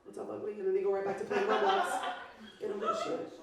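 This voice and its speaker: A woman's voice: mid-range voice, huge pitch swings, fast talker, crowd noise. A woman comedian performing a stand-up set, with a brash, profane, punchy delivery. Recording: echoey club sound from far off.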